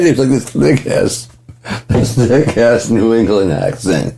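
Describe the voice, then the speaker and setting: A man talking in a gentle, rambling monologue, swearing freely and chuckling often. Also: mid-range voice, sing-song, a little slow, gravelly, husky. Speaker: vlogger.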